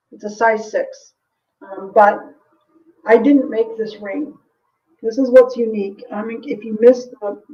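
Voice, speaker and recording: A woman's voice: medium pitch, recorded from a distance, muffled recording. A woman hosting a live jewelry sale, chatting casually with viewers, full of ums and little laughs, from the United States. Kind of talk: casual live-stream selling chat.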